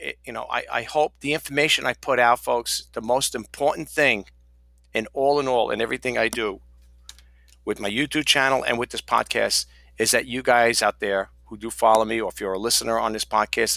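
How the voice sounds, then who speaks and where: Gravelly, bright-voiced man rambling on a podcast. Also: lowish voice, no echo. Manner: rambling, folksy, many fillers and restarts. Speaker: podcast host. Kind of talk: casual solo podcast talk.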